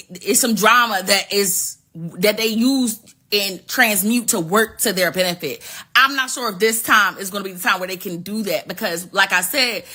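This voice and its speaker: A woman hosting a talk show, giving sassy, profane, animated commentary on world news in a casual street style. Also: medium pitch. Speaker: host.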